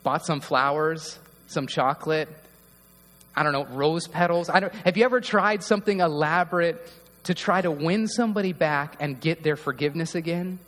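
A man's voice: a little high, moderate pace, fairly bright tone, in a large hall, soft background music. A man preaching a heartfelt, conversational sermon to his congregation in a church. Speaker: pastor. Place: church hall.

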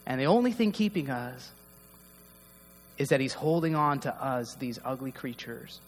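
A man's voice: mid-range voice, expressive, moderate pace, long reverb tail, faint music behind. A man preaching a heartfelt, conversational sermon to his congregation in a church. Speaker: pastor. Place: church hall.

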